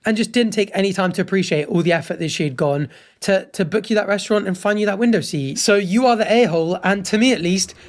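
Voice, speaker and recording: A man with a fairly high voice reads out online posts in a relaxed commentary style. He breaks in often with blunt, frank reactions and verdicts. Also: quick pace. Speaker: host reading and judging online posts. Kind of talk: casual commentary.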